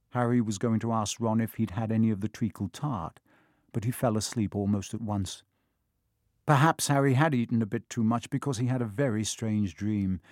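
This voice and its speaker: A man narrating a children's fantasy novel in a steady, expressive audiobook reading. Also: medium pitch, no echo, clean studio sound.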